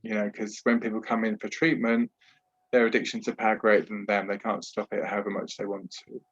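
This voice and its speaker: Male therapist guest, somewhat low voice, earnest and explanatory, muffled call audio. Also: little pitch movement, brisk, breathy edge. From Britain. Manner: earnest, explanatory, frequent "you know" and restarts. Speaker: trauma therapist, podcast guest. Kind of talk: podcast interview over a video call. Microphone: video call.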